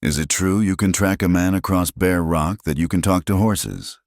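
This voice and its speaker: A man's voice: low-pitched, lively intonation, moderate pace, a little mellow, no room sound, studio quality. A man doing an eager, gangly farm boy. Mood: curious. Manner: eager, wide-eyed questions.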